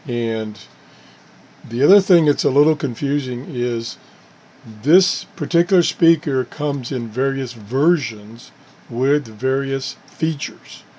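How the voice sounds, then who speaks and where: A man's voice: mid-range voice, slow pace, dark tone. A man hosting his own channel, talking casually and unscripted about a gadget, often correcting himself and chuckling at his own mishaps. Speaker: channel host reviewing gadgets. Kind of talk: casual unscripted product talk.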